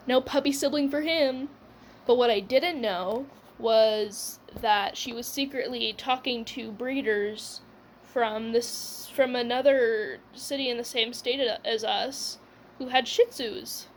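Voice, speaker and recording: A woman's voice: a little high, takes it slowly, a little hiss or hum. A young woman telling a personal story in a casual, rambling way, with lots of "like" and "whatever" and laughs along the way.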